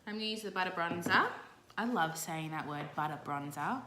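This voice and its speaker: A woman's voice: fairly low pitch, brisk. A young Australian woman talking viewers through her makeup in a casual, playful tutorial. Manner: chatty, playful asides to viewers. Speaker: beauty vlogger. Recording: roomy echo, faint background noise.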